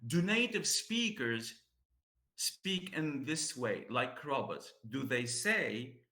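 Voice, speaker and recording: A man teaching a class about pronunciation, speaking slowly. He repeats himself and checks with his students as he goes. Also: mid-range voice, very animated, sharp tone, roomy sound.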